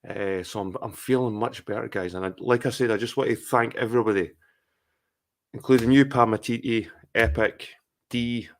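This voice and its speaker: A man's voice: medium pitch, steady tone, normal speed. A middle-aged Scottish man in a rambling, sweary, heartfelt casual chat on a live stream.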